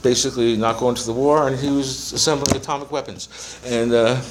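A man's voice: medium pitch, steady tone, a little fast, slight background noise, rough recording. A man in his seventies giving a personal testimony to a recovery meeting, rambling through his story with profanity and self-mocking humor. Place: meeting room with a small audience.

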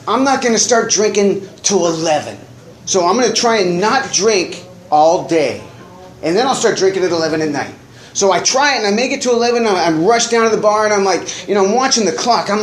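A man telling a long personal story in a casual, rambling way, full of fillers and laughs. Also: high voice. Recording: roomy echo, faint noise.

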